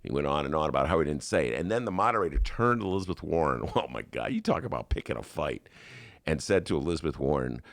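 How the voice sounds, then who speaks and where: Lively chicago guy hosting a political podcast, voice bouncing all over, dry studio sound. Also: extremely low pitch, fast talker, vocal fry, no echo. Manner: animated, jokey, hypes things up, does mock voices. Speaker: podcast host. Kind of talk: casual political talk show.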